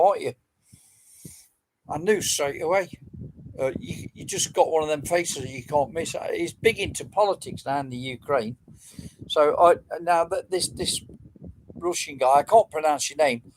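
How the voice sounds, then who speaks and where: A man's voice: a little high, slight background noise, poor audio. Chatty man hosting a livestream. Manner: chatty, rambling, answering comments. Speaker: livestream quiz host. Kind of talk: casual livestream chat with viewers.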